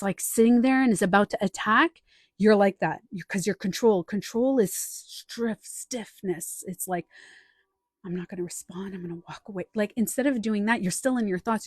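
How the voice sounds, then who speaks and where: A woman coaching viewers on a live stream from home, animated, acting out the inner voices she quotes. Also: mid-range voice, no room sound, studio quality.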